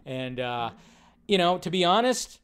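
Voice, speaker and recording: Male podcast host, slightly high-pitched, casual, excitable, swears freely, lots of ums and restarts. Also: unhurried, clear, resonant tone. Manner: excitable and profane, many fillers and restarts. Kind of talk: casual live-stream chat.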